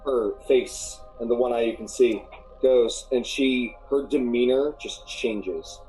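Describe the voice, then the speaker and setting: Man, game master, rambling narration, mellow voice, faint music behind. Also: mid-range voice, slow pace, rough recording. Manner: rambling, many fillers and restarts.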